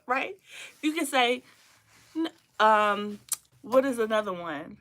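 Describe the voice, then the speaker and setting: A woman hosting a casual teaching livestream on relationships, animated and preachy, laughing often. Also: on the high side, slow pace. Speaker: host of a relationship talk show.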